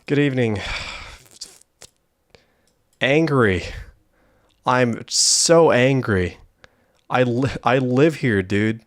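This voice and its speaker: A man's voice: medium pitch, very slow, long pauses. A young man streaming a horror game, giving casual, wry commentary and joking about what happens on screen.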